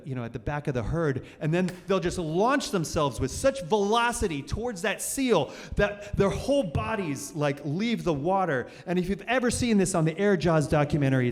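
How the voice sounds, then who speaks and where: A man tells a personal story live on stage in an animated, vivid way, restarting phrases as he goes. His voice sits a little high. A long reverb from the cultural center hall trails every line. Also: normal speed, hardly any pauses.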